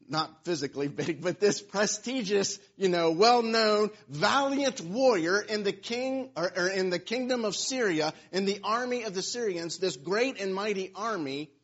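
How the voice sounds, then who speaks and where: A male pastor preaching a sermon, retelling scripture in an animated, storytelling way. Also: sits high, breathy edge. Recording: dull lo-fi sound.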